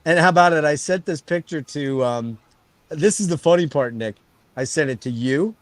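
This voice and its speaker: A man hosting a casual stream, telling stories to his friends in an excited, profane way. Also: a little high, normal speed, dry recording. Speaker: stream host. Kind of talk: casual chat storytelling.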